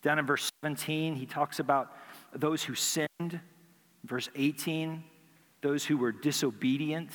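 A man's voice: fairly high pitch, fairly even intonation, measured pace, fairly bright tone. A man preaching a sermon as pastor, earnest and building emphasis through repeated phrases. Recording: hall reverb.

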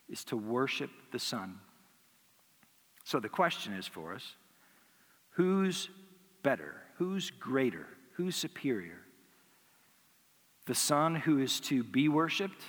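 A man's voice: medium pitch, fairly bright tone, in a large hall. A man preaching a sermon as pastor, teaching through rhetorical questions and acting out imagined replies.

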